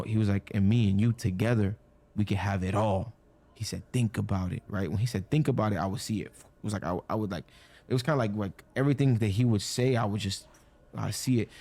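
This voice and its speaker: A young man with a fairly low voice tells a story in a loose, casual way. He rambles, leans on "like" constantly, and slips into the voices of the people he quotes. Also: creaky, warm tone. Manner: rambling, many "like" fillers, acts out quoted dialogue. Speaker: storyteller guest.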